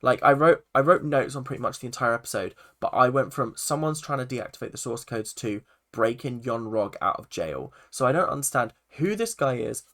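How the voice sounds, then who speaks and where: A man's voice: mid-range voice, animated, brisk, hardly any pauses, a bit bright. A young man casually reviewing a TV episode, rambling with lots of "like" and restarts. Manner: rambling, full of "like" and self-corrections. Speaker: film and TV reviewer.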